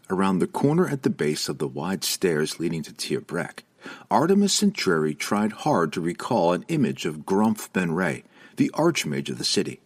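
Deep-voiced, dramatic male narrator. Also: slightly rough. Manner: dramatic, expressive reading. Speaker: audiobook narrator. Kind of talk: scripted fantasy audiobook narration.

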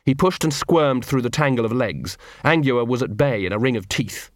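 A man's voice: mid-range voice, moderate pace, no echo. A man narrating an audiobook in a dry, wry storytelling manner.

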